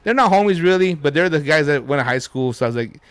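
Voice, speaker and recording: A man's voice: a little high, lively intonation, fast, a bit bright, smooth, no room sound. Man telling a story, profane and rambling. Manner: profane, rambling, drops Spanish words. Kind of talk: casual storytelling.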